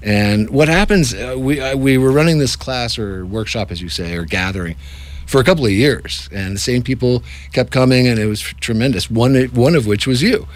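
A man who runs improv workshops, talking in a casual, jokey interview with animated asides. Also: medium pitch, normal speed. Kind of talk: casual radio-style interview.

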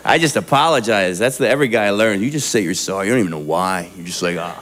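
A man performing stand-up comedy, animated and acting out little voices for his jokes. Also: fairly low pitch, quick pace. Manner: animated, acts out voices for the punchlines.

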